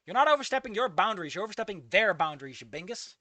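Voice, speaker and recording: Man, bright lively voice, casual profane fan-fiction rant. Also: high-pitched, racing, no echo. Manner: profane, exasperated ranting. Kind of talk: casual commentary reading a story aloud.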